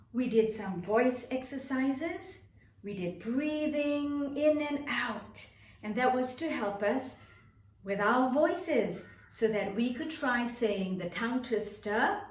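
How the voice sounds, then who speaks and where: A woman teaches a nursery drama lesson at a very slow pace, her pitch rising and falling widely as she draws out each word for small children. She sounds cheerful and encouraging. The recording is echoey, with her voice set back from the mic. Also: distant mic. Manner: slow, exaggerated instructions with stretched words. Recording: echoey room, voice away from mic.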